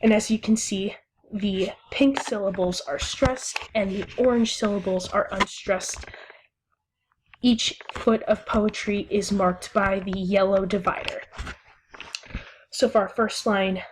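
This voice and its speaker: A young woman giving a recorded lesson as a teacher, speaking slowly and deliberately and sounding out syllables one by one. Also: mid-range voice, steady tone, slight background noise.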